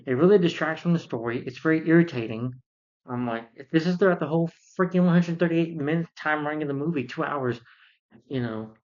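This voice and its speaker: A man's voice: fairly high pitch, brisk, darkish tone, dull audio. A man rambling through an exasperated movie review rant, full of fillers and restarts.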